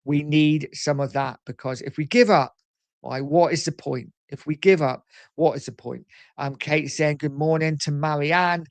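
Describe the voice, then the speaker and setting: A man hosting a casual livestream, reading out viewer comments in a chatty, animated way with frequent ums. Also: on the high side, normal speed, creaky, no room sound. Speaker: livestream host reading chat. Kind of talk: casual live chat.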